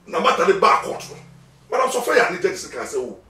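A man's voice: sits high, big pitch swings, fairly quick, sharp tone. A man with a Ghanaian accent, a lawyer talking emphatically in an interview, repeating words as he goes. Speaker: lawyer guest. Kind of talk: animated interview talk mixing Twi and English. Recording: echoey room, mic at a distance.

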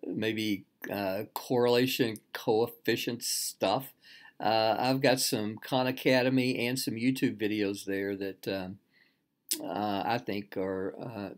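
A middle-aged man, a course instructor and program director, walking students through an online course with many fillers, restarts and self-deprecating asides. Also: medium pitch. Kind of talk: casual recorded course walkthrough.

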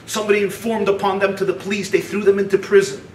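A man, a rabbi, giving a keynote lecture that mixes teaching with storytelling, swinging between shouted emphasis and hushed low asides. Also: little pitch movement, fast. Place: large hall at a weekend retreat. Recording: echoey hall, far-off mic, faint hiss.

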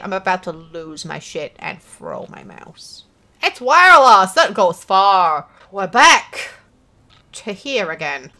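A young woman giving frustrated gameplay commentary, swearing constantly and swinging between sarcasm and yelling. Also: medium pitch, very animated, slow. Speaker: gaming channel host.

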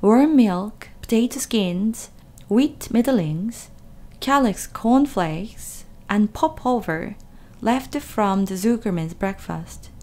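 A woman reading a children's story aloud in a gentle, expressive way. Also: medium pitch, takes it slowly.

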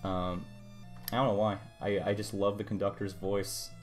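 A man's voice: on the low side, level tone, normal speed. A young man streamer chatting casually while he draws, rambling and muttering to himself about his work. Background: music playing.

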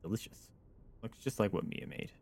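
A man's voice: moderate pace, a little mellow, a little hiss or hum. A man streaming a horror game, giving casual commentary full of jokes, swearing and mock bravery.

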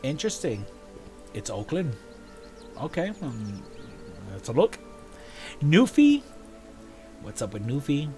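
Guy hosting a chill show, playful and chatty, talks slow, soft music behind. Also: medium pitch, big pitch swings. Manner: chatty, playful, drops into quick asides. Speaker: show host. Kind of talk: casual chat reviewing event items.

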